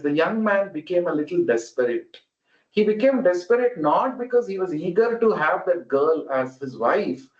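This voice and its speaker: Guy telling a devotional story on a call, takes his time, roomy muffled audio. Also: on the high side. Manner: unhurried, acts out each character. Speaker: spiritual speaker. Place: online meeting.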